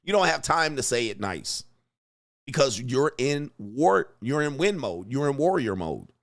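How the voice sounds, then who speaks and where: A man hosting a commentary vlog, talking in a profane, animated way and acting out quotes. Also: medium pitch, a little slow. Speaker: host.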